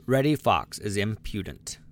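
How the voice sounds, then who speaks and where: A man narrating a children's storybook aloud, lively and expressive, giving the animals their own voices. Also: lowish voice, measured pace. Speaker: audiobook narrator.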